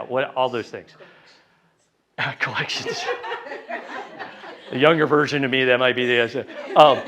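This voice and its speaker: A man giving a live sales training talk to a room, lively and conversational, acting out phone calls in quick voices. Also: a little high. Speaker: real estate sales trainer. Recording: dull lo-fi sound.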